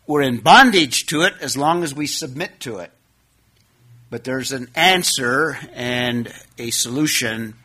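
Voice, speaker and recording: A man preaching an expository sermon, teaching slowly and leaning hard on key words. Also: mid-range voice, pushed and bright. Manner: slow and deliberate.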